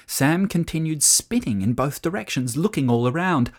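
A storyteller reading a children's story aloud in an expressive, animated way. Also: medium pitch, normal speed.

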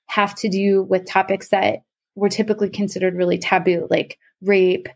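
Speaking at a normal speed with little rise or fall, this young woman has a gravelly mid-range voice. She's casually walking a co-host through a subject on a podcast, leaning heavily on fillers like "um" and "like."

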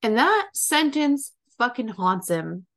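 A woman's voice: fairly high pitch, sing-song, slow, fairly bright tone. A woman co-hosting a podcast who reacts bluntly and swears while discussing a book. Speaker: podcast co-host. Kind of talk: casual book chat.

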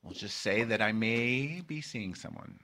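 Campy, bright-voiced man in his fifties. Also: fairly low pitch, animated. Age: 50s. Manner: playful, campy, quick with jokes. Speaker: podcast host. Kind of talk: casual comedy podcast chat.

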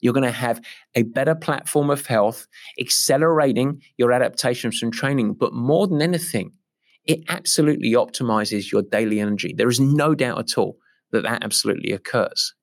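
A man's voice: mid-range voice, fairly quick. A middle-aged man, an endurance coach, explaining a training approach with emphatic, repetitive enthusiasm. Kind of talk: podcast-style coaching explanation.

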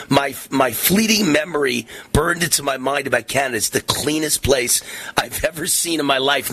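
A man hosting a talk radio show, speaking in an energetic, rambling way that often repeats words. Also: mid-range voice, breathy edge, no room sound.

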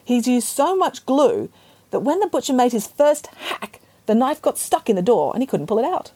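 A sardonic old grandmother spins a tall tale with a deadpan, mock-serious air, as a woman reading a storybook puts her on. Her voice swoops up and down with lively pitch and has a soft, breathy edge. The recording is close and dry. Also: moderate pace, no room sound.

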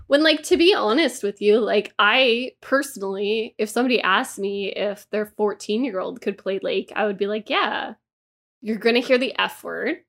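A woman's voice: medium pitch, moderate pace, creaky, fairly bright tone. A woman co-hosting a casual podcast chat, rambling with lots of fillers and swearing freely. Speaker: podcast co-host.

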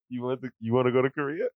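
A man's voice: mid-range voice, dry recording. A man co-hosting a crude casual podcast, bantering in slang and laughing often. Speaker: podcast co-host. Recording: dull dry lo-fi sound.

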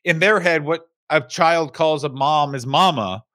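A man's voice: a little high, measured pace, a bit bright, no echo. A man co-hosting a comedy podcast, rambling through the history with jokes. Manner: rambling, jokey, slips into silly character voices. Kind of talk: comedic casual chat.

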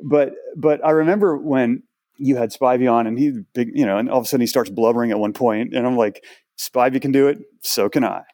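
A man in his forties from Houston, a guest telling animated stories in a casual interview, full of restarts and asides. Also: mid-range voice, fast, no room sound, studio quality. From Houston, Texas. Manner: animated, chatty, many restarts.

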